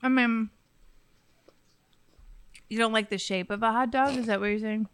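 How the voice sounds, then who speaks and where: A woman's voice: fairly high pitch, steady tone, moderate pace, fairly bright tone, clear, resonant tone. A woman in her thirties co-hosting a podcast, chatting casually and rambling, often giggling and talking with her mouth full. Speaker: podcast co-host. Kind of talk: casual chat.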